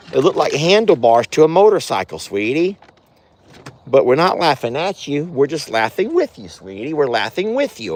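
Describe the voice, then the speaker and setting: A man, a ranch owner vlogging outdoors from a side-by-side and sweet-talking his animals. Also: mid-range voice. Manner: doting, talks baby talk to animals. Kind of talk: casual vlog narration.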